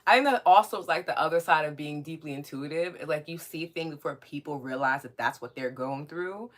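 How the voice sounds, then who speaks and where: A woman's voice: low-pitched, a little fast. A woman hosting a live podcast, reading viewer comments aloud in casual chat, candid and mildly profane, laughing often and asking "right?".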